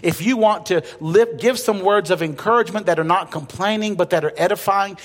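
A man's voice: high-pitched, brisk. Man preaching in a reverberant hall. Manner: conversational preaching with humor and emphatic repetition. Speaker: pastor. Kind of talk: sermon. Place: church sanctuary. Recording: long reverb of a church hall.

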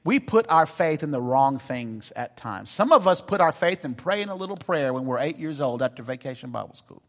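A man's voice: on the high side, lively intonation, moderate pace, fairly bright tone. A man preaching a sermon as a pastor, telling a personal story with self-deprecating humor before turning to scripture. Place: church sanctuary. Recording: long reverb of a large hall.

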